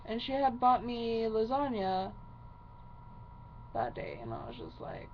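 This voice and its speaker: A woman's voice: on the high side, very animated, measured pace. A woman ranting angrily to camera, swearing heavily and sounding upset. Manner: heavy swearing, fiery and upset. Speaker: vlogger. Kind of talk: angry personal rant to camera. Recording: muffled lo-fi recording with faint hiss.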